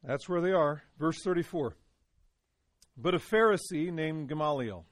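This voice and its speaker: A man's voice: fairly high pitch, normal speed, no room sound, clean studio sound. A man teaching a Bible study to a small group in a conversational way, often putting questions to his listeners.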